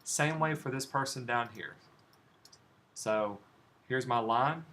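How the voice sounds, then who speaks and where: A man teaching a design class takes it slowly, his voice at medium pitch, as he shows steps on a computer in a live demonstration. He talks in a relaxed way while clicking and asks his students questions. Faint background noise is present.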